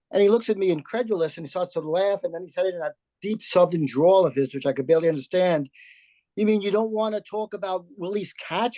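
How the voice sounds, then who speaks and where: A man's voice: on the high side, dark tone, no room sound. A man in his seventies reminiscing in a rambling way as an audience member on a video call. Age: 70s. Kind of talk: casual remarks on a video call.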